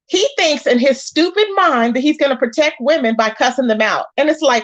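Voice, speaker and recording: A woman, hosting a live stream, commenting casually in an animated and exasperated way as she acts out quoted lines. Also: high voice, fairly quick, highs cut off.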